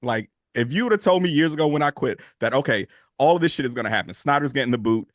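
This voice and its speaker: A man co-hosting a sports podcast, talking in an animated, storytelling way and swearing freely. His voice sits mid-range and sounds dry and close to the mic, with no room around it. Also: medium pitch, quick pace, no room sound. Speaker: podcast co-host. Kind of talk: casual sports chat.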